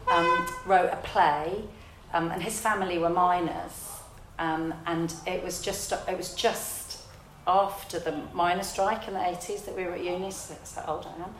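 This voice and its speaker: A woman, a theatre director telling her story in a relaxed, reflective interview. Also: lowish voice, a little hiss or hum. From south London, England. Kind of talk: casual interview conversation. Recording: roomy echo.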